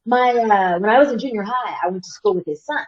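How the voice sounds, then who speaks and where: A woman in a casual chat, telling a story in a lively way with quick asides. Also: medium pitch. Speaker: show host. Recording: slightly dull lo-fi recording.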